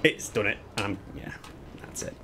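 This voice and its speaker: A young man giving live, excitable, sweary commentary on his gameplay while he talks to chat. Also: normal speed, background noise. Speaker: speedrunner streamer.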